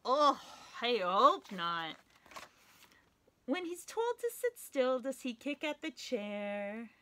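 High, lively woman reading to kids. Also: slow, slight background noise. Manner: animated, playful, talks to the young listener. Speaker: children's book reader. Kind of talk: reading a picture book aloud to children.

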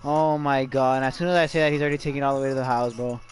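A man streaming a game live, shouting and swearing excitedly, repeating phrases over and over. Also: mid-range voice, racing, faint music behind. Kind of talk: hyped live gaming commentary.

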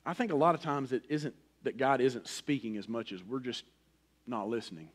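With a medium-pitched, slightly rough voice at normal speed, a middle-aged pastor preaches and drops in folksy personal asides. His delivery moves from loud, insistent emphasis to a soft near-whisper.

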